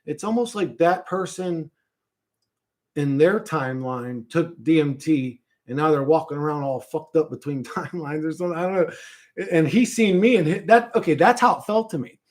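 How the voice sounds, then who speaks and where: A man telling a strange vision in a rambling casual monologue, halting, swearing often and losing his thread. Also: fairly high pitch, a little mellow. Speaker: streamer recounting a vision.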